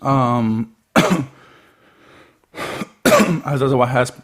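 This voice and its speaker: A young man from Peru, a comedian guest, telling rambling, animated stories in a casual podcast chat. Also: mid-range voice, drawn-out words.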